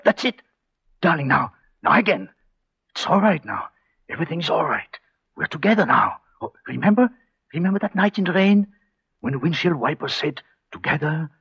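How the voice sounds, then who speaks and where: A man playing the leading husband and narrator in a 1940s radio drama, talking in a hushed, intense, pleading way. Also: on the high side, gravelly, husky, full character voice. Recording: dull 1940s radio broadcast with faint music.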